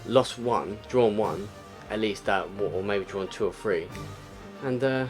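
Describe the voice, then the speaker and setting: A man's voice: lowish voice, takes it slowly, music in the background. Frustrated young man commentating gameplay. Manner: frustrated, exclamatory, swings between muttering and outbursts. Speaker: gaming YouTuber.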